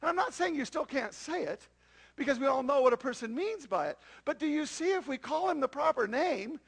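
A man's voice: very high-pitched, lively intonation, brisk, gravelly. A man preaching a sermon to a congregation, often asking them rhetorical questions. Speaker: pastor.

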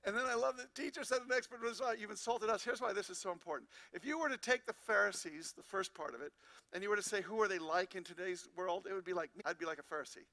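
A man's voice: high voice, quick pace, bright, forceful tone. A man pastor preaching a sermon, asking the congregation rhetorical questions and reading scripture aloud.

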